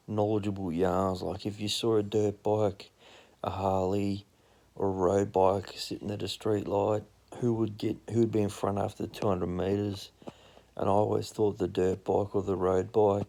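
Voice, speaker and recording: Gravelly Australian man spinning yarns. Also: lowish voice, a little mellow. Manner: crude, swearing, laid-back yarn-spinning. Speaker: storyteller. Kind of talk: casual rambling anecdote. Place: outdoors in nature.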